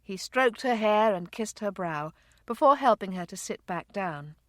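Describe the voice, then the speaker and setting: A woman narrating a romance audiobook in a measured, unhurried way. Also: medium pitch, animated, no echo, clean studio sound. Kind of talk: scripted narration.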